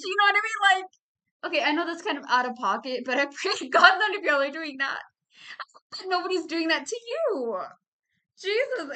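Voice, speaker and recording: Brisk and expressive, her high voice pushed and bright, a thirty-something tarot reader with a Southern Texas accent chats through a casual monthly reading. She keeps it slangy, calling her viewers y'all and babies.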